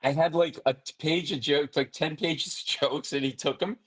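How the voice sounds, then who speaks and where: A man from New England, a comedian guest telling quick jokes and stories and laughing at his own lines. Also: a little high, steady tone, breathy edge. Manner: rapid joking storytelling, laughs at own lines. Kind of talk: casual talk show chat.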